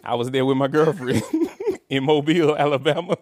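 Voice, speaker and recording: A man's voice: a little high, normal speed, dry recording, studio quality. A man, co-hosting a podcast and telling a casual story, laughing and acting out what people said. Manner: animated, laughing, acts out quotes. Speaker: podcast co-host.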